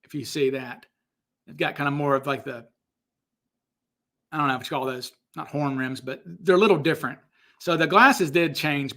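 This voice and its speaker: A man's voice: a little high, creaky, bright, forceful tone. A man hosting a casual livestream Q&A, rambling and breaking off to apologize while he hunts for files. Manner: rambling, self-interrupting, apologetic asides. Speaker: host answering viewer questions.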